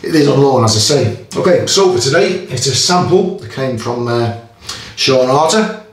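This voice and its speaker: A man's voice: medium pitch, lively intonation, moderate pace. A man with a Merseyside accent hosting a casual shaving vlog, talking in a rambling, self-deprecating way with plenty of fillers and restarts. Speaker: shaving channel host. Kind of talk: casual product demo vlog. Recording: roomy echo from a distant mic.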